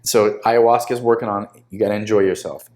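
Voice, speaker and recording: A man in his fifties, a podcast host, telling a story in an animated way and acting out the dialogue. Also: lowish voice, a little fast. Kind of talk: casual conversation.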